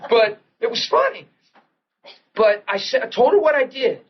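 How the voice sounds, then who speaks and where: A middle-aged man preaching a sermon, telling a story with lively acted-out quotes. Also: very high-pitched, moderate pace, breathy edge. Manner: animated storytelling, acting out quotes, laughing. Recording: dull lo-fi archival audio with faint hiss.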